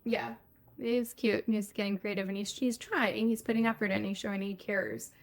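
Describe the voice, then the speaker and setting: A woman's voice: medium pitch, fairly even intonation, normal speed, gravelly. A woman co-hosting a podcast, chatting casually as she retells TV scenes. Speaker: podcast co-host. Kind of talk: casual chat recapping a TV episode.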